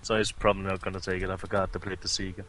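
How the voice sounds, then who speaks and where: A man's voice: low voice, little pitch movement, rapid-fire, fairly bright tone. A man co-commentating a competitive video game match, breaking down plays analytically with hesitations and restarts. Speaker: esports co-commentator.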